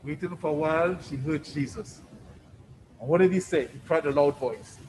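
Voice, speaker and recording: A man preaching a sermon, emphatic and deliberate, repeating phrases for stress and swinging between loud declarations and hushed asides. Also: on the high side, slight background noise, low-quality recording.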